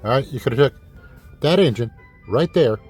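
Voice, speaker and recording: A man's voice: medium pitch, expressive, normal speed, a little mellow, soft background music. A man hosting a diecast car vlog in a casual, exasperated ranting way, swearing often and sarcastically calling his viewers kids. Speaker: diecast collector host.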